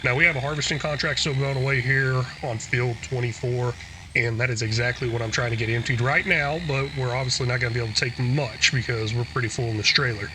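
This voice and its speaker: A young man casually commenting on his own gameplay, relaxed and chatty, thinking aloud as he plays. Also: medium pitch, a little hiss or hum. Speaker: gaming YouTuber.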